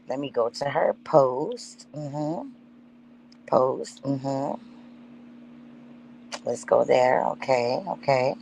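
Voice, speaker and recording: A woman's voice: low-pitched, gravelly, darkish tone, a little hiss or hum. Blunt, profane woman livestreaming to her chat. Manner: loose and unprepared, stops to fumble with things. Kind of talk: casual livestream talk to chat.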